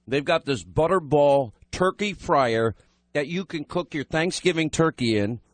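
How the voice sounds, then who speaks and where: A man's voice: on the high side, lively intonation, measured pace, dry recording. Brash talk radio host man. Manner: brash, chatty, talks with food in his mouth.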